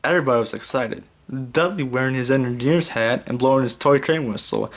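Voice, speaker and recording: A young man reading a fan fiction story aloud in a casual, unpolished way. His pitch sits mid-range for a man, and he stumbles and restarts between phrases. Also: fairly quick, hardly any pauses. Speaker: YouTube fan fiction reader. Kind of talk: casual read-aloud narration.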